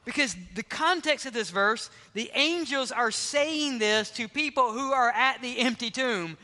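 A man preaching as pastor, emphatic, often dropping to hushed tones for stress. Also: very high-pitched, unhurried. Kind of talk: sermon. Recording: long hall reverb.

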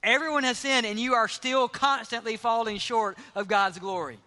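High-voiced pastor preaching in echoing hall. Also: male voice, steady tone, moderate pace. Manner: emphatic preaching, dropping to hushed tones for stress. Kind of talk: sermon. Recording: long hall reverb.

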